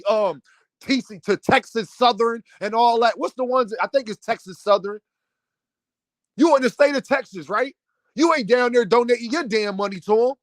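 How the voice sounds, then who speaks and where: A man's voice: high voice, a bit bright, no room sound. A man delivering an impassioned commentary rant, firing off repeated rhetorical questions in a preachy, heated way. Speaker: commentary host.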